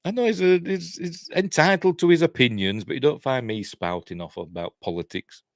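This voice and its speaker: Fairly high-pitched and fairly quick, the man's voice comes through studio-quality with no room sound, and he has a Yorkshire accent from England. As host of a live news stream, he reads headlines, then wanders into chatty asides. He pokes fun at himself, swears a little, and laughs at his own jokes.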